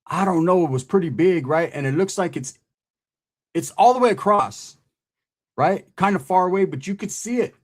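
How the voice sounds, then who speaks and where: A man casually telling a scary camping story, animated and profane, full of street slang and a constant "right?". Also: high-pitched, moderate pace. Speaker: podcast host telling a story.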